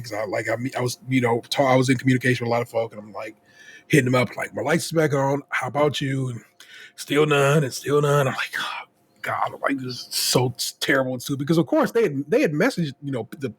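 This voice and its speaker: A man with a husky voice co-hosts a casual podcast. He rants profanely and animatedly, stumbles through restarts, and acts out other people's words. His pitch sits at an ordinary middle. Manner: profane, ranting, lots of restarts. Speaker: podcast co-host.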